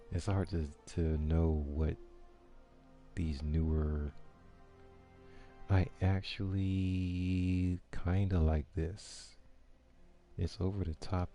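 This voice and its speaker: A man's voice: deep voice, warm tone. A man giving casual gameplay commentary, thinking aloud with hesitant ums and restarts as he weighs his options. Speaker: gaming video creator.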